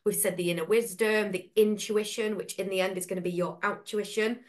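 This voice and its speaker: A woman co-hosting a spiritual podcast, playful and chatty and quick to joke. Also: medium pitch, fairly even intonation, darkish tone. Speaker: podcast co-host and spiritual coach. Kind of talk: casual podcast chat.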